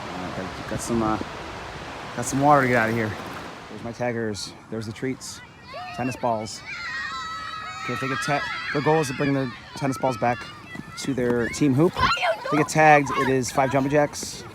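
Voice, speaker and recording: A man's voice: mid-range voice, steady tone, moderate pace, long pauses. A male PE teacher talking casually for a vlog outdoors, explaining a class game in a loose, chatty way with fillers, raising his voice over the children. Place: outdoor schoolyard. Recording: loud crowd and noise outdoors. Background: loud shouting children and outdoor noise.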